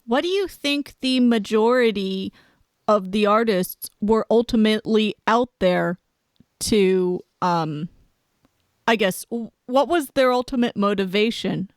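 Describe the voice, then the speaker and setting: A woman hosting a podcast interview, curious and quick to laugh. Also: mid-range voice, no echo, studio quality. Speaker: podcast host.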